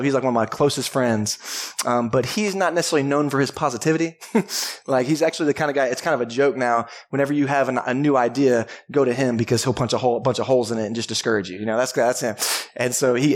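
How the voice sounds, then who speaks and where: A man preaching a Sunday sermon as pastor of a church, animated and climbing high in pitch when he acts out an excited friend. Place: church service.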